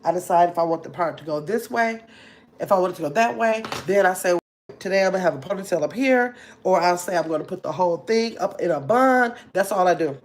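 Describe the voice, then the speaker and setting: This is an older woman, hosting a relaxed livestream. Her voice sits somewhat low, and she chats freely, reading viewers' comments aloud and answering them with lively little asides. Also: fast, a little hiss or hum. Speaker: livestream host reading chat. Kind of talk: casual livestream chat.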